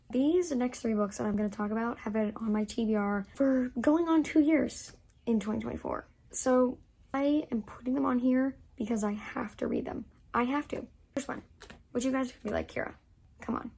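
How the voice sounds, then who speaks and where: A woman's voice: a little high, creaky, darkish tone, slight background noise. A young woman in her twenties chatting casually to camera as a book vlogger, gushing and full of fillers.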